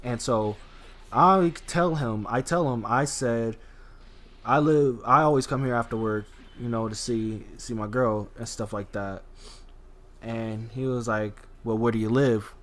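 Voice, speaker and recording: A man's voice: mid-range voice, a little slow, fairly bright tone. A young man telling a story casually, rambling and swearing, with many restarts and fillers.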